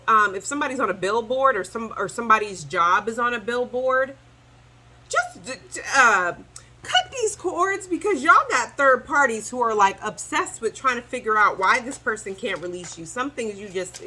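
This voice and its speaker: A woman doing a chatty, animated tarot reading to camera, talking straight to her viewers as y'all. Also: fairly high pitch, normal speed, slight background noise, low-quality recording. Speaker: tarot reader.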